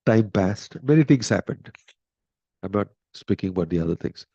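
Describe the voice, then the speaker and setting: A man, a monk and spiritual teacher, retelling a sacred story in a conversational, animated way. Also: on the low side, moderate pace, breathy edge, dry recording, highs cut off. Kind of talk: storytelling sermon.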